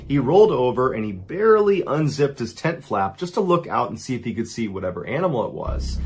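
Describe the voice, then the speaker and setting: A man narrating a true scary story with building suspense, pushing into urgent excitement at the tense moments. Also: medium pitch, slight background noise. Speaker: storyteller host.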